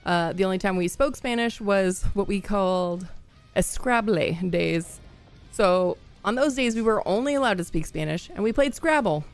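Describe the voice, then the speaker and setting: A woman's voice: mid-range voice, animated, moderate pace, faint music behind. A young woman from the Midwest chatting casually with her stream viewers, rambling through stories, laughing often and greeting people as they come in. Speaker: livestream gamer.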